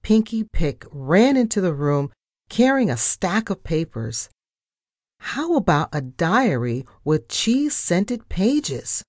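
A woman reading a children's storybook aloud, narrating and giving the characters' lines with lively expression. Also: lowish voice, slow, no echo, clean studio sound.

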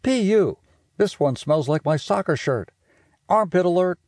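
A man voicing an excitable young boy who loves smells, eager and boastful. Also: high-pitched, unhurried, no room sound, pitched above the performer's own voice.

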